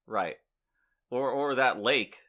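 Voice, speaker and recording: A man's voice: medium pitch, slow. A man co-hosting a podcast, chatting casually with dry, joking delivery. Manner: deadpan joking, playful bits. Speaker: podcast co-host. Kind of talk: casual comedic chat.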